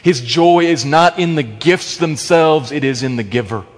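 A man preaching a sermon, emphatic, swinging between loud stressed phrases and hushed drops. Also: a little high, moderate pace. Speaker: pastor. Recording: long hall reverb.

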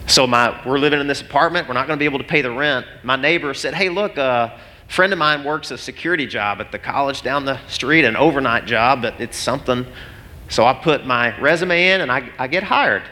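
A middle-aged man from Arkansas, telling a story in a sermon and acting out each voice with big swings in pitch. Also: fairly quick. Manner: animated, acts out both sides of his stories with big pitch swings. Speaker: pastor. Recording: long hall reverb.

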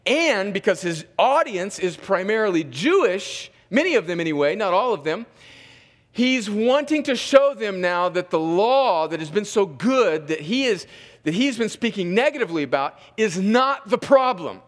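A man's voice: high-pitched, big pitch swings, moderate pace, big-room sound. A man preaching a sermon in an emphatic way. He reads scripture aloud, comments between the verses and often repeats words while he rephrases. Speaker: pastor. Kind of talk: expository sermon.

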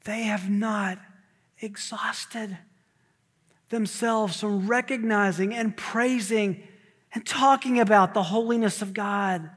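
A male pastor preaching a sermon, swinging from loud repeated shouts to hushed near-whispers. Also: high voice, steady tone, slow pace, long reverb tail.

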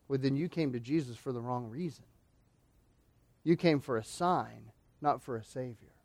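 A man's voice: medium pitch, normal speed, a little mellow, dry recording, studio quality. A male pastor preaching an expository sermon, emphatic and full of rhetorical questions.

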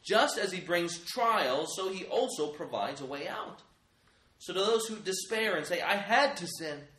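Forceful preacher man in an echoey room. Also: high-pitched, animated, unhurried. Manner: earnest, emphatic, direct address to listeners as friends. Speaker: pastor. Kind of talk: sermon.

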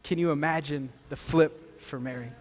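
High-voiced male pastor in a reverberant hall. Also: fairly even intonation, normal speed. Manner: conversational, swings between loud emphasis and quiet. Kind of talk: sermon. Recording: long hall reverb with faint music.

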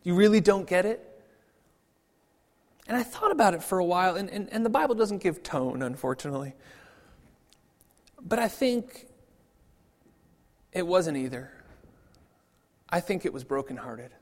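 Pastor preaching in a reverberant church. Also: male voice, high voice, sing-song, moderate pace, pauses often. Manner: conversational, frequent repeated restarts. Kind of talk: sermon. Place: church sanctuary.

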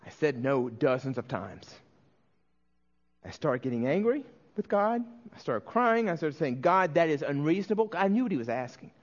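This man, a pastor mid-sermon, shares a personal story with earnest emotion, frequently lowering to a hush and restarting. His mid-range voice is very animated at a moderate pace, captured with lo-fi sound.

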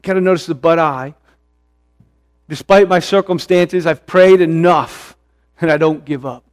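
Middle-aged guy preaching, high voice, earnest, repeats stuff for emphasis. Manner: earnest, with emphatic repetition and slow stressed phrases. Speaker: pastor. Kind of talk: sermon.

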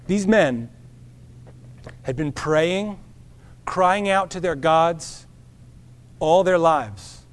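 A man preaching a sermon to a congregation, earnest and measured, with dramatic pauses that slow down key words. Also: on the high side, animated. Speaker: pastor.

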